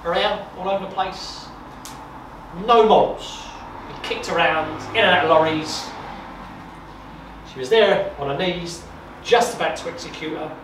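A man gives a chatty talk at an exhibition, voice pitched a little high. He tells his stories with animated repetitions and asides. He is heard from a distance in an echoey room with clear background noise. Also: unhurried, pauses often. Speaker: guest speaker on wartime history. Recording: echoey room from far off, noisy.

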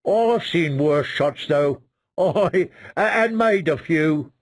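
A man's voice: on the high side, animated, slow pace, no echo, studio quality, pitched above the performer's own voice. Man doing a gloomy drawling watchman. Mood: dry mocking. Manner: mournful drawl, tags lines with "eh?".

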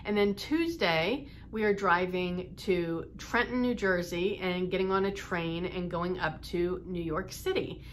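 A woman's voice: lowish voice, a little slow, few pauses, a little hiss or hum. A middle-aged woman from the United States, chatting casually to camera as a sewing vlogger, rambling with lots of fillers and restarts.

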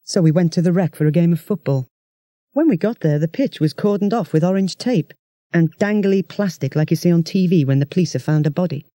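Reader, children's story, chatty first-person telling, mellow and dry. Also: mid-range voice, a little fast, no echo. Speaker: audiobook narrator.

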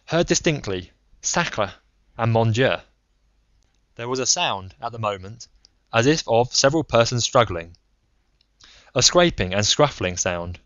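Male audiobook narrator, measured reading, dry close sound, slightly dull lo-fi audio. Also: medium pitch, expressive, a bit bright, no echo. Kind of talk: scripted narration. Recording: slightly muffled lo-fi recording.

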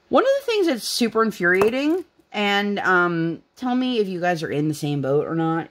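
A young woman hosting a craft channel, chatting casually while she works on a project at home, rambling with lots of fillers. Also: on the low side.

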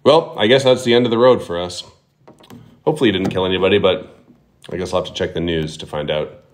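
A man hosting a prank call livestream, talking quickly and offhandedly with some swearing. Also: sits low. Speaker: prank call streamer host. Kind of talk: casual livestream chat.

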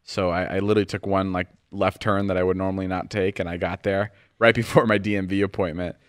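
A man telling rambling anecdotes in casual podcast chat, with quick restarts. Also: sits low, little pitch movement, no echo, studio quality.

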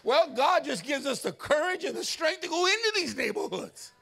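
Male pastor preaching in church; high, ringing voice, lively stories and loud exclamations. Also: normal speed, creaky. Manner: animated storytelling with loud exclamations. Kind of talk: sermon.

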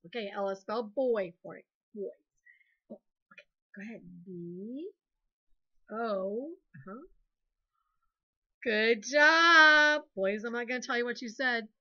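A woman, a second grade teacher giving a playful, animated phonics lesson to young children. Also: fairly high pitch, normal speed, long pauses, slightly rough, lo-fi sound.

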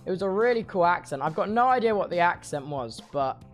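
A man's voice: high-pitched, expressive, fast. A groggy young man chats loosely on a live stream, his words a little thick after surgery. He rambles in casual slang, restarting sentences often, with faint music playing underneath. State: groggy after surgery, speech slightly impaired. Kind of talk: casual chat reading viewer messages.

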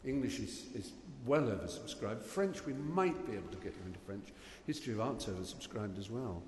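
A man's voice: fairly low pitch, lively intonation, fairly quick, a little mellow, lightly acted. Give me a polite, tired older admissions officer, quoted by a man in a big reverberant hall. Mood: apologetic. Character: kindly, weary older male college admissions man. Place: large hall. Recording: echoey hall with long reverb, faint room noise.

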